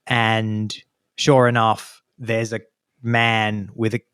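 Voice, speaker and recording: Taking it slowly in a smooth, lowish voice, a male podcast co-host chats casually and animates his stories by acting out the people he quotes. The sound is dry and clean, studio-grade.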